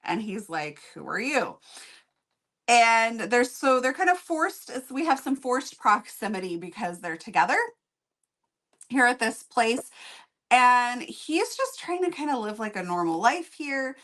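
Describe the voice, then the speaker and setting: Relaxed woman summarizing a book. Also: a little high, unhurried. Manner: relaxed, storytelling plot summary. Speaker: book reviewer co-host. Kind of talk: casual chat.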